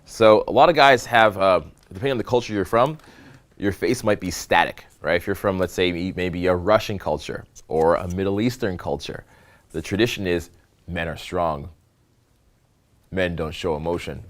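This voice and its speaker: A man teaches a live seminar on social skills as a dating and social skills coach, his voice fairly low. Animated and demonstrative, he acts out examples and repeatedly checks in with the room using brief "okay?" and "right?" prompts.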